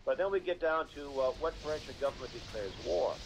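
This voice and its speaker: A man's voice: mid-range voice, lively intonation, a little fast, noisy background. Earnest man explaining on a radio interview. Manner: earnest, rambling with many restarts. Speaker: guest, constitution educator.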